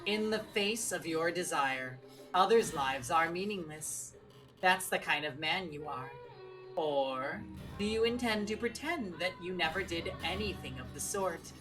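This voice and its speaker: A woman's voice: lowish voice, animated, measured pace. A woman voicing a cruel, mocking taunter in a sneering manner. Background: game music.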